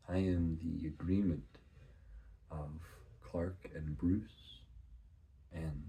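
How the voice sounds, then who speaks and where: A man in his thirties sharing a personal faith testimony in an earnest, searching way, often soft and hushed. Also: sits low. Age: 30s.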